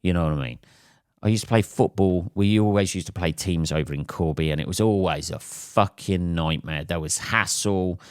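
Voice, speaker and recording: A deep-voiced English man hosts his own comedy podcast alone. He talks in a loose, sweary, self-deprecating ramble full of ums and side tangents. The sound is close and dry with no room around it. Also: moderate pace, clean tone, no room sound. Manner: profane, self-mocking storytelling with frequent fillers. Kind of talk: rambling solo podcast monologue. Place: at home late at night after a gig.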